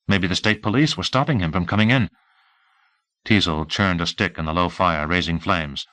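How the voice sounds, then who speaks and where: Un homme lisant un roman, voix claire et sèche. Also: male voice, low voice, no echo. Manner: steady, measured reading. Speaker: audiobook narrator. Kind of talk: scripted narration.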